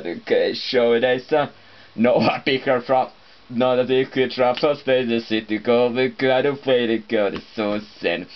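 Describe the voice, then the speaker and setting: In a shared apartment, a medium-pitched male vlogger rambles casually, loose and playful, breaking into humming and scat sounds. The audio is dull, lo-fi home video quality.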